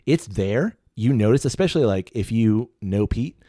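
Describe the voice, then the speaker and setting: Man, low mellow voice, dry close sound, casual podcast chat, laughs easily. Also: moderate pace, no room sound. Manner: relaxed, laughs often, thinks aloud with many fillers. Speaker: podcast co-host. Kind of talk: casual whiskey tasting chat.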